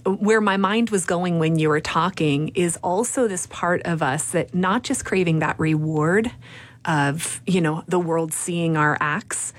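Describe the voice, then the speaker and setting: A woman's voice: lowish voice, unhurried. A woman hosting an interview about faith, thinking aloud and affirming her guest.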